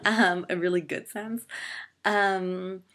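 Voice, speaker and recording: A woman's voice: mid-range voice, fairly even intonation, very slow, sharp tone. A young woman vlogging casually to camera, chatty and full of filler words, poking fun at herself. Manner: chatty, filler-heavy, self-deprecating. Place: Toronto.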